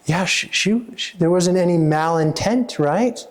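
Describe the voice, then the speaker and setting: A man, a therapist and coach, speaking earnestly to a small audience, halting with many restarts. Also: sits high.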